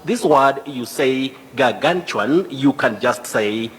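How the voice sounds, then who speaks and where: A man, a language expert on a broadcast segment, explaining pronunciation deliberately and spelling out sounds. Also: mid-range voice, big-room sound, a little hiss or hum.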